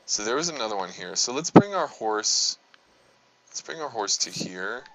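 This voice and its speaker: A man's voice: medium pitch, moderate pace, noisy background. A man casually telling a story with lots of swearing and restarts while playing a video game. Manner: animated, swearing, tells an angry story with many restarts. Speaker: gaming channel host. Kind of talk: casual storytelling over gameplay.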